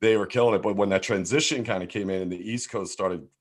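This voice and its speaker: A man's voice: lowish voice, fast, slightly rough. A man, telling rambling, profane stories as a podcast guest. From Philadelphia, USA. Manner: rambling, heavy swearing, lots of "like" and restarts. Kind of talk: casual storytelling in a podcast interview.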